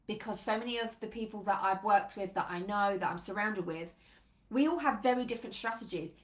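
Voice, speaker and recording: A woman business coach giving an energetic, emphatic motivational live talk. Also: a little high. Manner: energetic, emphatic, says freaking a lot.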